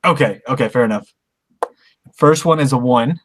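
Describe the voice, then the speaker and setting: A man playing a tabletop game, reading out dice results and reacting in an animated way. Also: medium pitch, moderate pace, a little hiss or hum. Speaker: player. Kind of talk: casual tabletop game play.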